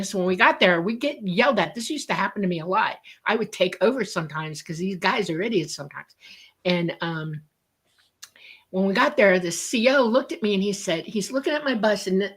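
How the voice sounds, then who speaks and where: A woman in a casual interview, telling a story with lively acted-out dialogue over a remote call. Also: medium pitch, fairly quick, slightly rough. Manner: lively storyteller who acts out quoted dialogue.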